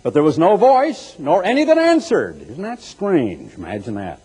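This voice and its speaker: Husky, animated preacher man in a hall. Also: a little high, normal speed. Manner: animated, teasing, acts out mocking voices. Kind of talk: sermon. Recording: echoey hall with long reverb.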